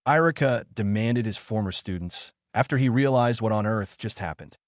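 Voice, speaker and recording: A man narrating a fan-fiction story in a steady storytelling manner. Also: lowish voice, moderate pace, few pauses, dry recording, clean studio sound.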